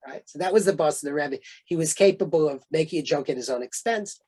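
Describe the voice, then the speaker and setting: A man's voice: a little high, a little fast, few pauses. Man giving a conversational lecture. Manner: conversational, anecdotal, frequent fillers. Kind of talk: storytelling lecture.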